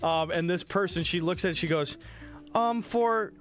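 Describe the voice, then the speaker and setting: A man's voice: on the high side, little pitch movement, brisk, fairly bright tone, faint music behind. A man chatting casually on a live stream while sick, reading chat, thanking viewers by name and swearing freely.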